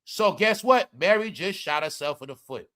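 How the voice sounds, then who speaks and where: A man with a high-pitched, sharp-edged voice runs a ranting commentary vlog. He scolds and curses at his viewers and repeats every point for emphasis. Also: animated, normal speed. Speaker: commentary vlogger.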